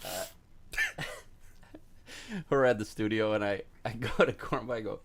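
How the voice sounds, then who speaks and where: A man's voice: fairly low pitch, lively intonation, slow pace. A man co-hosting a podcast, telling a rambling, self-deprecating anecdote in casual chat. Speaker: podcast co-host.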